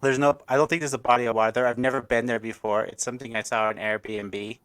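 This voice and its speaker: Chatty upbeat guy hosting a livestream, smooth clear voice, laughs a lot. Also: medium pitch, fairly even intonation, fast talker, a bit bright. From Colorado, United States. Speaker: host. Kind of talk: casual livestream chat.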